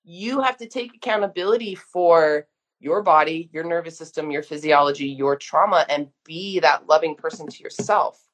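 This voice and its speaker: A woman in her thirties, appearing as a guest therapist in a casual conversation, speaks frankly and emphatically with some mild swearing. Her voice is low-pitched and her pace moderate.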